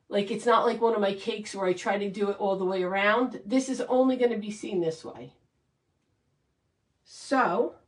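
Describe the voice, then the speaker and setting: A woman's voice: on the high side, echoey room, far from the mic, rough recording. A woman hosting a casual craft livestream, chatting and thanking viewers in an emotional, rambling way with many restarts.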